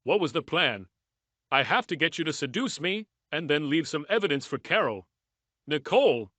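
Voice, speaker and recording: A man narrating a first-person story in a measured, even reading style. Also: fairly high pitch, dry recording.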